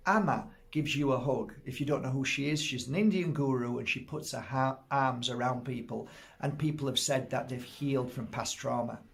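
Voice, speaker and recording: Crystal healer guy with a gravelly voice, chatting straight at you, repeats stuff a lot. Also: mid-range voice. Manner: speaks straight to the listener, repeats and lists words. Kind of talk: casual spiritual teaching talk.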